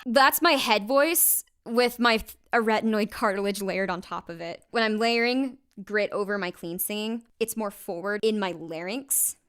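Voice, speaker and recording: Bright-voiced chatty woman singer. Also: mid-range voice, smooth. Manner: chatty, quick laughs, frequent "like". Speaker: singer streaming a vocal recording session. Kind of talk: casual livestream chat.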